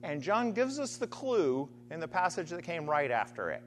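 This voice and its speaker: A woman's voice: low voice, big pitch swings, normal speed, slight background noise. A woman preaching a sermon, building repeated refrains and asking rhetorical questions. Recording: long hall reverb.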